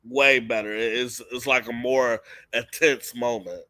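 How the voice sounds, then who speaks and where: Bright, blunt young man. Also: medium pitch, steady tone, a little slow, no room sound. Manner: blunt, reads viewer questions aloud. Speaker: co-host. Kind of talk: casual streamed chat.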